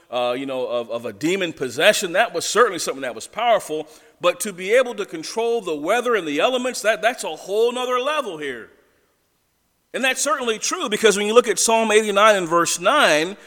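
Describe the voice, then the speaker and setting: A man's voice: high-pitched, a bit bright. A male pastor preaching a sermon in a church, talking conversationally and chuckling as he tells the story. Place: church sanctuary. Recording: long church reverb.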